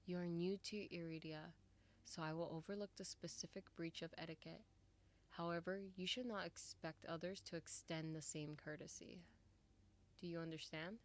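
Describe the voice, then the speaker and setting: A woman voicing a polite, formal male doctor who speaks in a calm, measured, guarded way. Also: lowish voice, natural voice.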